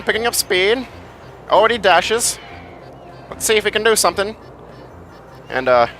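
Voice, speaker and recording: A man's voice: sits high, pushed and bright, voice pushed up. A man putting on an old-timey 1920s announcer voice, calling the action play by play.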